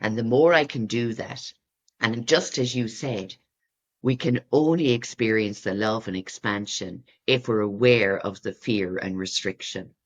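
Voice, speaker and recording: A woman, a therapist guest speaking in a reflective coaching way, acting out inner voices and rising to excited peaks. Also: very deep voice, a little slow, dull audio.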